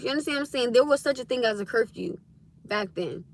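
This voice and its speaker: A woman's voice: a little high, animated, fast talker, gravelly. A young woman hosting a casual livestream, talking bluntly and emphatically, often repeating herself to drive a point home. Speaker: livestream host.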